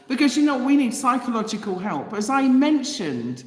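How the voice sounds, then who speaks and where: A woman's voice: on the high side, big pitch swings, normal speed. A woman hosting a livestream and reading out viewer comments, talking passionately and directly to her audience. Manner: passionate, impassioned, talks straight to viewers. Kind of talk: emotional livestream chat. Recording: roomy echo with long reverb.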